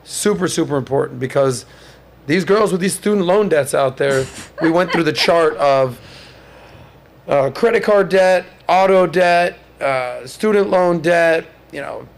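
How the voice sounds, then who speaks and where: A man in his thirties hosting a casual podcast chat, telling stories in an animated way and mimicking others in high mocking voices. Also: unhurried, vocal fry. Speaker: podcast host.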